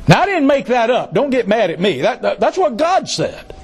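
A man's voice: very high-pitched, very animated, normal speed. A male pastor preaching a sermon, who repeats key phrases for emphasis and adds joking asides.

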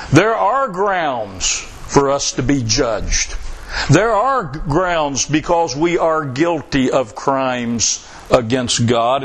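A man preaching a sermon, who stresses his points by repeating them. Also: medium pitch. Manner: storytelling with acted quotes, emphatic repetition. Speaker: pastor.

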